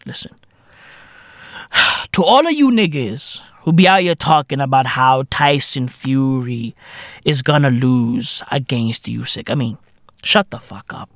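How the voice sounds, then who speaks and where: A podcast host from South Africa talking in a casual, profane monologue, full of slang fillers and emphatic repetition. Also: male voice, on the high side, dry recording, studio quality.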